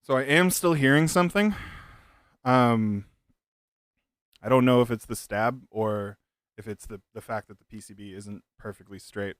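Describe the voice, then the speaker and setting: A man's voice: medium pitch, normal speed, pauses often, smooth, no room sound, clean studio sound. A man in young adulthood chatting casually with viewers while building a keyboard, laid-back and joking, laughing often. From United States.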